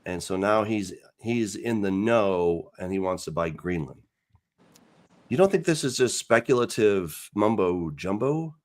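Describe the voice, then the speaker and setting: A man's voice: on the low side, lively intonation, a little slow. A man co-hosting a casual discussion, incredulous and challenging, often interrupting. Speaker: skeptical co-host. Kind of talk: casual debate chat.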